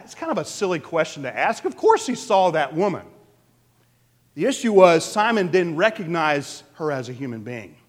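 A man pastor delivering an animated sermon, asking the congregation questions. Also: high-pitched. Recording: long reverb of a large hall.

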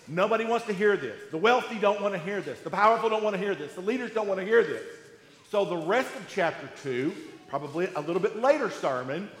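A man's voice: high voice, a bit bright. A man preaching a sermon as pastor, emphatic and repetitive, acting out sarcastic quoted voices. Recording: echoey hall.

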